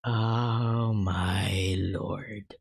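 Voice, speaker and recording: A man's voice: on the low side, steady tone, very slow, vocal fry, breathy edge, no echo, studio quality. A young man giving live commentary as he plays a shooter. He talks to his chat in an annoyed, swearing way. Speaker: streamer.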